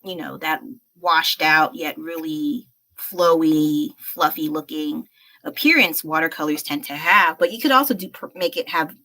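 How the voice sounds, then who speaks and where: A low, sharp-toned voice, a little slow, belongs to a young American woman painting on a livestream. She rambles, puts herself down jokingly, and fills gaps with laughs and filler words.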